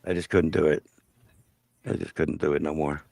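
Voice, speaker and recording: A man's voice: extremely low pitch, little pitch movement, normal speed, a little mellow, dry recording. A man telling a personal family story in casual conversation, blunt and profane. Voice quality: gravelly. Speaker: guest telling his life story.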